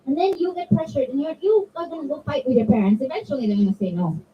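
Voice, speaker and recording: A woman with a high voice gives a chatty religious talk to a room of children, often asking them questions. The mic sits some distance away, so she sounds dull and a little far off, with faint room ambience behind her. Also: fast, slight background noise. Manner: chatty, asks the kids questions and answers them. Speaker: zakira addressing a children's majlis. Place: community center hall.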